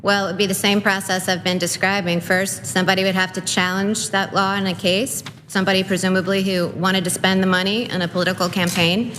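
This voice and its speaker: A woman's voice: mid-range voice, little pitch movement, fairly bright tone, in a large hall, a little hiss or hum, poor audio. A woman giving formal, careful testimony at a hearing. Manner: measured, careful. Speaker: judicial nominee at hearing.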